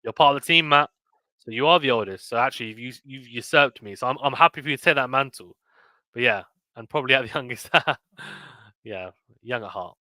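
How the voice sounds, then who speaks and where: A man with a British accent hosting a live tennis play-by-play stream, chatting casually and reading viewer comments between points, then calling each point with rising excitement. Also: medium pitch, brisk, no room sound.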